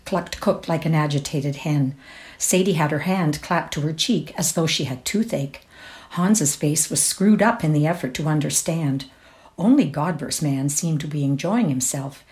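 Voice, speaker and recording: A woman with a Canadian accent giving a dramatic reading of a short story, acting out each character's lines. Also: normal speed. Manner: voices each character with lively shifts in pitch. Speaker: reader.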